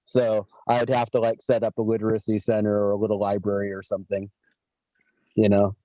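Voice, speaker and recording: A man's voice: fairly low pitch, completely flat delivery, a little fast, warm tone, no echo, highs cut off. A man talking casually and earnestly as host, with frequent swearing. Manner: profane, earnest, talks of cannabis growing. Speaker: podcast host. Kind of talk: casual chat.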